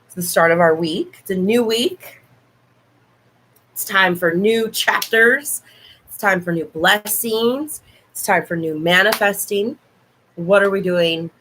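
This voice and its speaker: A hoarse young woman hosting a casual livestream, chatting warmly and fondly with her viewers. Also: mid-range voice, takes it slowly, slight background noise, poor audio. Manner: chatty, affectionate toward viewers. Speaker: livestream host.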